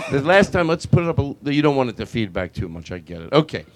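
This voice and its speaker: A man's voice: a little high, fast talker, few pauses, no echo. A man hosting a comedy podcast, rambling and laughing as he acts out a stand-up bit. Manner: animated, rambling, laughing, restarts. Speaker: podcast host.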